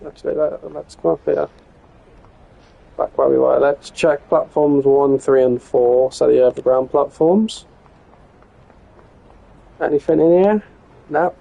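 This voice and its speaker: Casual English male streamer, gravelly and mellow, muttering play-by-play with the odd swear. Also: mid-range voice, fairly even intonation, unhurried, poor audio. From England. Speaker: live streamer. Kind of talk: casual gameplay commentary.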